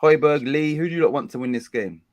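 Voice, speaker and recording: A man's voice: a little high, fairly quick, dull audio. A man hosting a football watch-along stream, talking in a rambling, chatty way and often correcting himself. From England. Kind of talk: casual live-stream chat.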